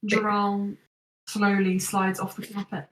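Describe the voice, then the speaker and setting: A woman game master describes a scene in a measured, descriptive manner for her players. Her voice sits at a middle pitch and carries a noticeable room echo. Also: completely flat delivery, recorded from a distance. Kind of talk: narrating a tabletop game.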